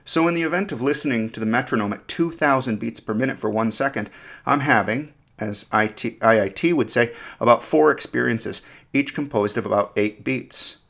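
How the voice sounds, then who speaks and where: A man's voice: medium pitch, normal speed, vocal fry, fairly bright tone. A man hosting a podcast, giving a scripted, reflective explanation that often turns to ask the listener questions. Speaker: podcast host.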